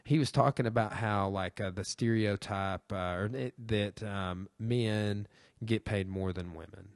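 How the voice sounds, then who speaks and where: Man, young adult, podcast host, deep low voice, dry sound, rambling, filler-heavy, swearing. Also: fairly even intonation, a little slow, no room sound. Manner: rambling, lots of fillers and profanity. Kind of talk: casual chat.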